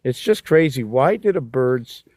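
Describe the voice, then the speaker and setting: A man's voice: mid-range voice, animated, a little slow, a little mellow, no echo. Casting: man, rambling outdoor dog-walk vlogger, muses aloud, scolds his dogs in exasperation. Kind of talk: rambling walking vlog.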